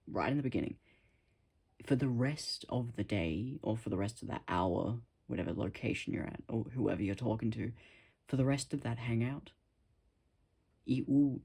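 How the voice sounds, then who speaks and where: A man talking casually to his camera at home, rambling and self-deprecating, in a musing, soft-spoken way. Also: medium pitch, vocal fry, slightly rough. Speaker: vlogger.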